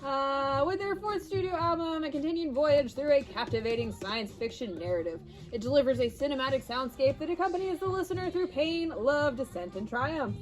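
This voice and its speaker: A woman's voice: high voice, animated, fairly quick, few pauses. Upbeat woman reading record blurbs. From Ohio. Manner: upbeat, reads blurbs, laughs easily. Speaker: record store co-host. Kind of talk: casual new-release rundown.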